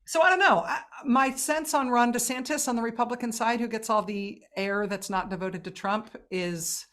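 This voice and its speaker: A woman guest in a casual political conversation, talking in a wry, animated way with laughs and quick asides. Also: fairly high pitch.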